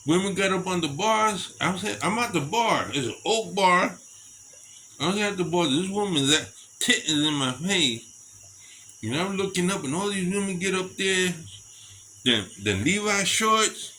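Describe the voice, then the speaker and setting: Bright-voiced man telling a story outdoors. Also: high voice, unhurried, slight background noise. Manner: animated, acts out other people's lines. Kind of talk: casual storytelling.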